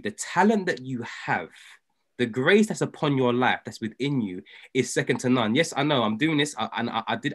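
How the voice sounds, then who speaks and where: A man coaching a group on a video call, emphatic and preachy, his voice swinging from loud exhortation to hushed intensity. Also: medium pitch.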